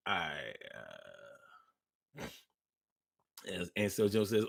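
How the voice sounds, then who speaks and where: A man's voice: sits low, wildly swooping pitch, takes it slowly, gravelly, long pauses, slightly rough. A man hosting a casual livestream, reading chat aloud and joking in a slangy, profane way.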